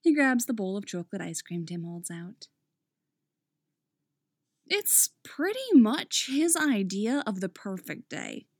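A woman narrating a story aloud in an expressive, playful manner. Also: mid-range voice, slow pace, no room sound, studio quality. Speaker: reader. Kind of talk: audiobook narration of fan fiction.

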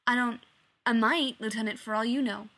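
Brief: woman voicing a cranky genius man, loud and snappy, a little higher than her own reading voice. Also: normal speed. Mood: exasperated. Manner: exasperated, loud outbursts. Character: irritable fast-talking male scientist, sharp-tongued.

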